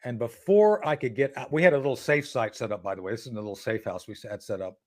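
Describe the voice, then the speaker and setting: Animated man telling a story as a guest. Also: mid-range voice, fast. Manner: animated, acts out dialogue with frequent restarts. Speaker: interview guest. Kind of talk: casual storytelling interview.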